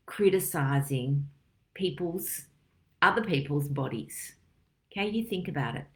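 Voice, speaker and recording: A middle-aged woman doctor giving a lively, chatty health talk full of analogies. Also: on the low side. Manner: lively, chatty, acts out little dialogues and analogies. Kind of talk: casual health talk to camera.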